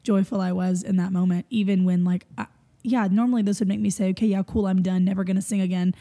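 A young woman, a worship leader, telling a story in a casual chat, animated, laughing and full of fillers. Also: mid-range voice, fast talker.

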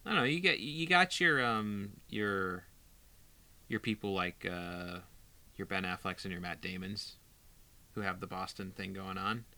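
A man's voice: low-pitched, measured pace, sharp tone. A man co-hosting a podcast in casual chat, talking hesitantly with many "like"s and restarts. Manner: hesitant, lots of fillers and restarts. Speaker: podcast co-host.

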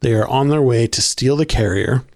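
A man's voice: medium pitch, moderate pace, darkish tone, no room sound, clean studio sound. A man co-hosting a podcast, talking chattily with lots of "like" and "um" in a casual discussion. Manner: chatty, filler-heavy, laughs often. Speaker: podcast co-host.

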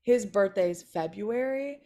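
A woman's voice: mid-range voice, slow pace, mellow. A woman, a comedian and podcast guest, chatting at home and telling a personal story candidly, with lots of "like" fillers. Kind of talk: casual chat, personal storytelling. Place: at home with her cat.

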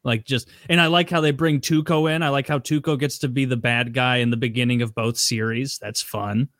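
A man's voice: mid-range voice, fairly even intonation, brisk, a bit bright, dry recording, clean studio sound. A man chatting casually as a podcast co-host, peppering his talk with "like". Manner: chatty, with many "like" fillers. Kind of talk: casual chat.

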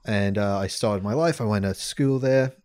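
A man's voice: moderate pace, no room sound, studio quality, natural voice. A man putting on a fake British accent while telling a story on a podcast in a joking, hammy way. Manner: joking, hammy, lower and quieter.

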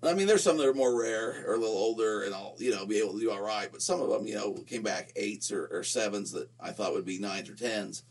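A man's voice: fairly low pitch, fast talker, hardly any pauses. A man from Utah co-hosting a podcast, chatting casually in a playful, teasing way as he tells stories. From Utah, USA. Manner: playful, teasing, lively storyteller. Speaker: podcast co-host. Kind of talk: casual chat.

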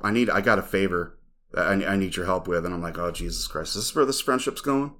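A man's voice: deep voice, brisk, fairly bright tone. A man co-hosting a podcast, telling a rambling, profane story in casual chat. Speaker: podcast co-host.

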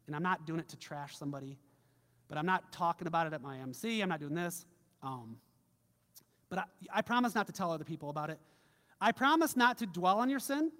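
A man with a notably high voice preaches to his congregation in a loose, conversational way and leans hard on key phrases. The sound carries a long reverb, like a church hall. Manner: casual, conversational preaching with animated emphasis. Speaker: pastor. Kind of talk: sermon.

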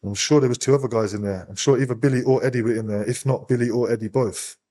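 A young man, a podcast guest, bluntly retelling events with heavy swearing and animated energy. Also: medium pitch, fast. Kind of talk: casual interview storytelling.

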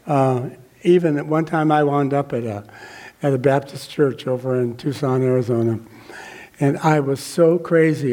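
An older man shares his recovery story with a group as personal testimony, rambling and reflective, full of fillers and restarts. His voice is medium-pitched with a darkish tone.

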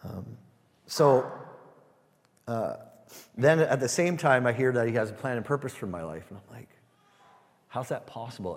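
A man giving a sermon testimony, halting and repeating words as he speaks to a church. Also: medium pitch, big-room sound. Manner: halting, repeats words, asks the room "Amen?".

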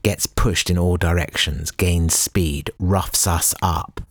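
A man voicing a calm, matter-of-fact airship captain with a folksy way of talking in an audiobook. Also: low-pitched, takes it slowly, dry recording, clean studio sound, full character voice. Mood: unbothered. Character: unflappable male airship captain.

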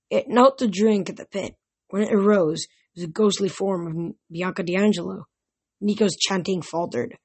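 Husky woman reading an audiobook. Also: medium pitch, a little mellow. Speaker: reader.

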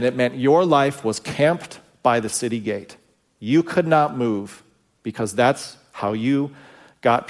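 A man giving a sermon as pastor, telling a story in a conversational way and letting phrases trail off softly at their ends. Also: medium pitch. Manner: storytelling with acted-out quotes, conversational asides.

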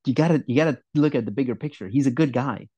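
A man co-hosting a podcast in casual chat, rambling and swearing, with sudden excited loud bursts. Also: mid-range voice, fast, husky, dry recording, dull audio. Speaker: podcast co-host.

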